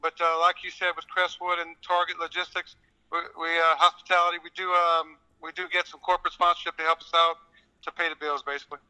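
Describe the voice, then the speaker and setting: A man from Louisiana with a South Louisiana accent, a guest on a radio interview, answering politely with many pauses. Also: on the high side, flat delivery, sharp tone, smooth, rough recording. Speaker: guest, contractor. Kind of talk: phone interview.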